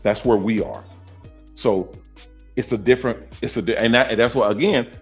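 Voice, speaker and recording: A man's voice: medium pitch, normal speed, soft background music. A man hosting a casual livestream from on the move, talking emphatically and repeating his points. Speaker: host, owner of a salon network. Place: mobile, in a vehicle.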